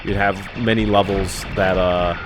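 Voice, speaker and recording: Low-voiced man rambling over game music. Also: fairly even intonation, unhurried. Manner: rambling, hedging, chuckles to himself. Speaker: game streamer. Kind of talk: casual game-stream commentary.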